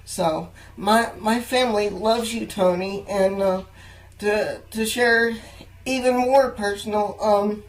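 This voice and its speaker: A young man interviewing a guest, earnest and halting, with frequent fillers and restarts. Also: high voice, steady tone, poor audio. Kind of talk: casual interview chat.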